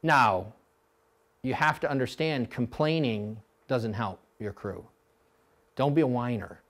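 Blunt, animated male rowing coach. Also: slow. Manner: blunt, animated, mimics rowers in high voices. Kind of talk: coaching clinic talk.

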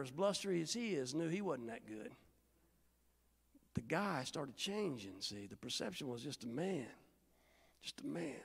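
A man's voice: a little high, creaky, big-room sound. A middle-aged male pastor from Indiana preaching a sermon and telling stories, acting out the voices of the people in them. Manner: animated storytelling, acting out voices. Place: church sanctuary.

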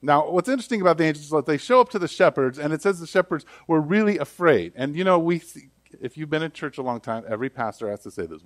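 A male pastor preaches in a relaxed, conversational way, acting out little voices for the people in his story. His voice sits a bit high for a man, and the sound is close and dry with no room echo. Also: fast. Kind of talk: sermon.

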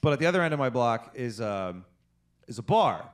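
A man's voice: medium pitch, very animated, a little fast. A man co-hosting a podcast, chatting casually and swearing a lot as he rambles through stories. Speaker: podcast co-host. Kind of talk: casual chat.

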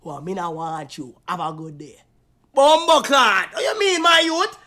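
A man playing a fed-up drive-thru worker in a put-on Jamaican patois accent, shouting. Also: high voice, sing-song, unhurried, exaggerated voice. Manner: shouting, exasperated.

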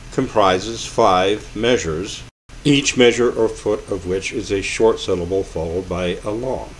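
A man giving a measured, explanatory spoken lecture on poetry and music. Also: medium pitch, slight background noise. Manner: measured, explanatory, slows to scan quoted verse.

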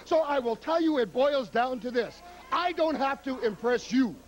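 A brash man delivers a wrestling promo. His voice sits very high as he boasts and taunts in loose slang, laughing between lines. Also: animated, moderate pace, low-quality recording.

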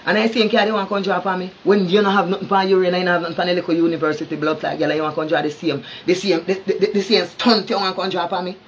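A man's voice: high-pitched, steady tone, very fast, hardly any pauses, slight background noise. A man with a Jamaican accent in an angry, confrontational social media rant, cursing constantly and tripping over repeated words. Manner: cursing heavily, stammering repeats; heated, confrontational.

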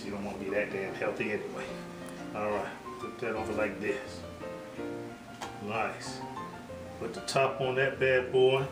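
A man's voice: lowish voice, level tone, unhurried, long pauses, roomy sound, over loud music, poor audio. A man hosting a casual home cooking show, joking and hyping each step straight to his viewers.

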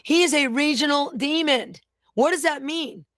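A woman's voice: sits high, normal speed, fairly bright tone, no echo, clean studio sound. A woman preacher leading fervent declaring prayers and teaching on a live online ministry stream, reading viewer comments aloud. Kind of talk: charismatic prayer and sermon.

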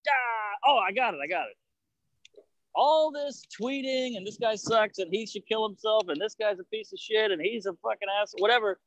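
A man, a comedian guest on a video-call podcast, riffing in a rapid, profane way and mocking people in quoted voices. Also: sits high, fairly bright tone, muffled recording. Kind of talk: casual podcast chat.

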